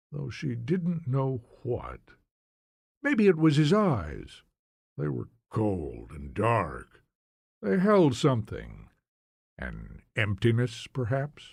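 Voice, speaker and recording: A man narrating an audiobook in a measured, solemn storytelling manner. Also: mid-range voice, gravelly, darkish tone, breathy edge, no room sound, clean studio sound.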